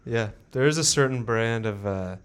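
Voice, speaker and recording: A man's voice: medium pitch, moderate pace, clean tone. A man co-hosting a comedy podcast, riffing in casual banter, laughing often and slipping into silly voices. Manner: laughs often, riffs with goofy put-on voices. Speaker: podcast co-host.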